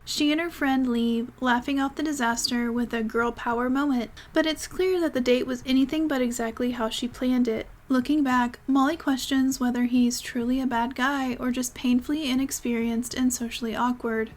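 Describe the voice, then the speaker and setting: A woman narrating a scripted commentary in a measured, even way. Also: high-pitched.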